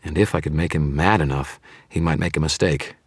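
Male audiobook narrator, very deep voice, husky, dramatic measured pace, dry close mic. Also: no echo. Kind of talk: scripted narration.

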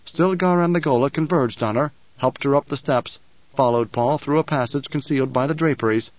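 A man's voice: medium pitch, brisk, no room sound. Man narrating an audiobook, dry sound. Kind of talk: scripted narration. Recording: dry, slightly dull.

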